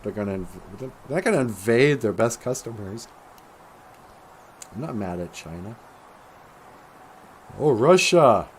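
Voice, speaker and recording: Rambling middle-aged man, lively and unhurried. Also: lowish voice, noisy background. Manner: joking, rambling, chuckles at his own jokes. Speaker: livestream show host. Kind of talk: casual rambling monologue.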